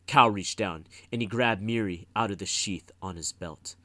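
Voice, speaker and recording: A man narrating a fantasy novel aloud as an audiobook, in measured storytelling. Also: on the low side, sharp tone, no echo, clean studio sound. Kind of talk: scripted narration.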